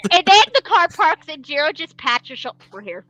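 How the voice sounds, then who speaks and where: A woman narrating a tabletop role-playing game as game master, animated and laughing often. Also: very high-pitched, fairly quick, no room sound, low-quality recording.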